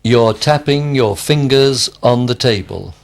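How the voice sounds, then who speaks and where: A man answers in a scripted language drill at a very slow, measured pace. He repeats each question back as a careful full sentence. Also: medium pitch, creaky. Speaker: student in drill.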